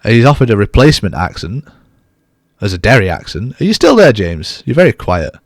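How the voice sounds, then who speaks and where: A man's voice: lowish voice, big pitch swings, brisk, no echo, studio quality. A man co-hosting a podcast, chatting casually in a bantering, self-deprecating way. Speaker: podcast co-host.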